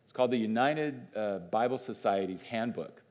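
Animated male pastor preaching. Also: fairly low pitch, moderate pace. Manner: animated and conversational, with restarts and laughs. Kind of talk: sermon. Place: church.

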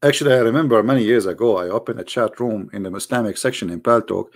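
A man from the Arab world with an Arabic accent, an online critic of religion, talks fast in a fairly low voice. His sarcastic monologue is mocking and rhetorical, aimed straight at his viewers.

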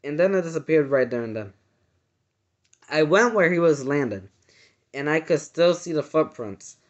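A man earnestly recounting a dream in casual, halting speech full of fillers and restarts. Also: fairly high pitch, animated. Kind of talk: casual personal storytelling. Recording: dull lo-fi sound.

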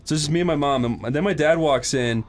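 A young man in casual chat telling an animated story among friends, acting out what people said. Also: a little high, fast talker. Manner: animated storyteller who acts out quotes. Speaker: podcast co-host.

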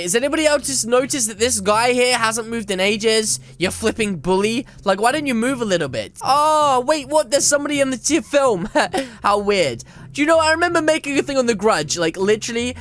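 A woman's voice: on the high side, big pitch swings, brisk, fairly bright tone. A woman making a gameplay video, narrating with dramatic commentary, scolding other players and letting out yelps and shrieks.

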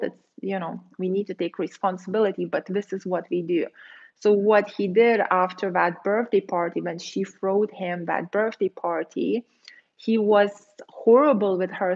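A woman dating coach talking casually on a livestream, chatty and quick, acting out the voices she quotes. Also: medium pitch, darkish tone, husky, muffled recording. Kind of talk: casual livestream advice, reading viewer comments.

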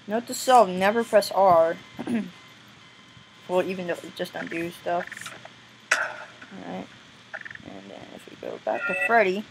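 A young woman giving casual gameplay commentary, excitable and squealing now and then, often breaking into silly voices. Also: lowish voice, slight background noise, poor audio. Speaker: gameplay video maker.

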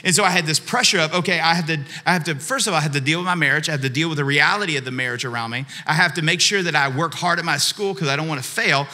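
A man's voice: on the high side, racing, hardly any pauses, pushed and bright. A man preaching a sermon as a pastor, telling a personal story and repeating phrases for emphasis.

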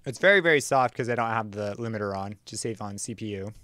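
A man teaching a casual music production tutorial, talking in a relaxed, chatty way with slang and plenty of fillers and self-corrections. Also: fairly low pitch, fast. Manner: enthusiastic, uses slang. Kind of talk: casual screen-recorded software tutorial.

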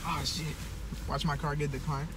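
A man's voice: fairly high pitch, little pitch movement, moderate pace, background noise. A young man talking casually to his viewers from inside a car, joking and laughing as a vlogger. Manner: playful, laughing, addressing viewers as guys. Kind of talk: casual vlog chat.

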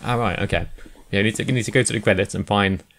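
A man's voice: on the low side, rapid-fire, a bit bright. A man with an English accent co-hosting a podcast in casual chat, joking, laughing often and repeating himself. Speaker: podcast co-host.

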